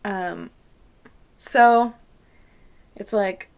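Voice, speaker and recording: A woman co-hosting a casual podcast chat, reflective and quick to laugh, often trailing off mid-thought. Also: mid-range voice, vocal fry, a little mellow, clean tone. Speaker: podcast co-host.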